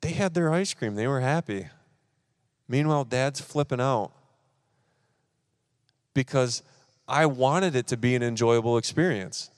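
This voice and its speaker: A man's voice: medium pitch, measured pace, pauses often, clean tone, no echo, studio quality. A man, preaching at a church service and animatedly acting out his own frustration while telling a personal story. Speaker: pastor.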